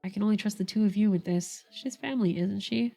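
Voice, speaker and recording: A woman's voice: mid-range voice, quick pace, creaky, dark tone, faint music behind. A woman voicing an earnest, remorseful young man who is an older brother, reading the lines aloud in her own voice.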